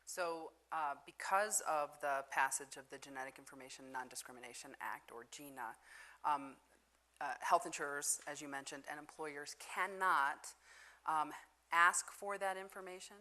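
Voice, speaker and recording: A woman on a discussion panel answers a question at a measured pace. Her voice is very low in pitch yet bright and crisp, and her answers are broken by frequent um and uh pauses.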